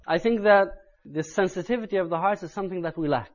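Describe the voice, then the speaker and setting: High-voiced man preaching earnestly. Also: fast talker, highs cut off. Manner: earnest, building to loud, urgent emphasis. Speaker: Islamic preacher. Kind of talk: sermon.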